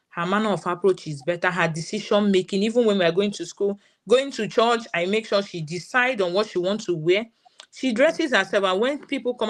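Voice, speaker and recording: A woman in her thirties with a Nigerian English accent, telling a story as a parent guest in a live session and quoting her daughter's words. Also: medium pitch.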